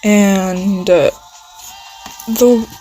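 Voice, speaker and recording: A woman slowly talks a listener through an improvised second-person role-play story, drifting off into "um"s and little apologies as she goes. She sits at a middle pitch with no marked rise or fall, and a song plays faintly in the background. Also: steady tone, mellow, poor audio. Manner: rambling, heavy on fillers, apologizes and restarts. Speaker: channel host. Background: faint music playing.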